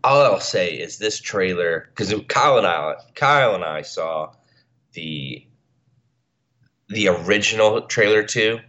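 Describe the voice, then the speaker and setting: A man with a very low, deep voice co-hosts a podcast in relaxed, rambling chat. He sounds groggy, as if just out of bed. The recording is dull and lo-fi. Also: a little slow. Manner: chatty, rambling with restarts. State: groggy early-morning voice. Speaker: podcast co-host. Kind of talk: casual chat.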